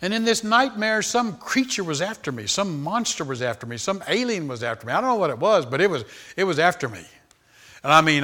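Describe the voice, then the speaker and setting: A man in his sixties preaching a sermon, telling stories that start low and soft and build to loud, high, animated peaks. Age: 60s. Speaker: pastor. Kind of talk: sermon storytelling.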